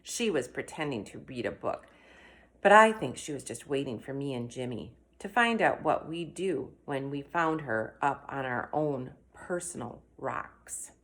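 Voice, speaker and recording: A woman reading a children's story aloud in an expressive, animated way. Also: very deep voice, measured pace. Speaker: reader.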